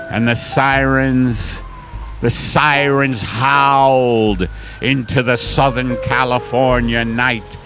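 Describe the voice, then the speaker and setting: A man's voice: medium pitch, fairly even intonation, slow, pushed and bright, faint music behind, poor audio. A man, a comedian hosting a podcast, rambling through absurd improvised bits. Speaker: comedian host. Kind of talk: improvised comic rant.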